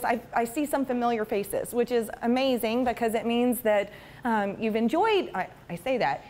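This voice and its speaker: A woman's voice: a little high, slight background noise. A woman, a counselor giving a chatty, self-deprecating talk to parents in a school meeting room. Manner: chatty and self-deprecating, acts out funny stories. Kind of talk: lively public talk to parents.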